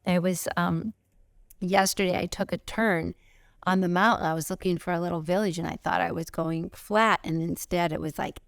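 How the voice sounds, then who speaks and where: Middle-aged woman, spiritual teacher outdoors; low and gravelly, close and dry, animated with hushed asides. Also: normal speed, no room sound. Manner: expressive, swings into high excited bursts and soft whispers. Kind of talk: spiritual lesson talk.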